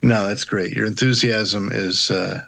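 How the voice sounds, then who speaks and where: A man co-hosting a casual space science podcast, playful and a bit halting, with fillers. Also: on the low side, steady tone, vocal fry, pushed and bright.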